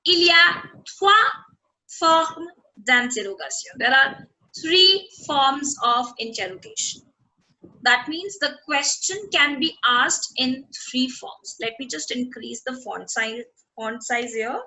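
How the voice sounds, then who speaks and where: A woman with a high, bright voice teaches a French class. She explains patiently and says each example sentence twice. She keeps stopping to ask whether the students understand. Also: slow pace, rough recording. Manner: checks often that students follow. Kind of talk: online language lesson.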